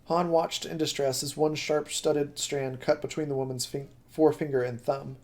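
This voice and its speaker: A man's voice: fairly high pitch, normal speed. Man reading a novel aloud on stream. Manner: steady reading with occasional slips and self-corrections.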